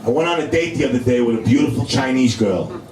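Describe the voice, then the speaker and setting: A comedy club host does stand-up, teasing the crowd and stretching out his punchlines. His voice is medium-pitched, animated and darkish, caught far from the mic with roomy club sound and faint noise.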